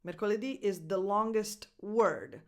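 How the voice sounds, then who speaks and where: Slow, careful woman English coach. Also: medium pitch. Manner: slow, exaggerated word-by-word modelling. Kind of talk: pronunciation lesson.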